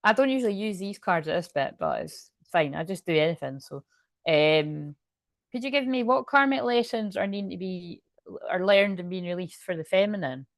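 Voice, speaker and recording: A woman's voice: lowish voice, expressive, moderate pace, dry recording. Woman doing a tarot reading, kinda rambly, talks to herself a lot, dry close sound. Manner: chatty, rambling, self-interrupting with laughs. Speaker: tarot card reader. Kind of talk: casual tarot reading to camera.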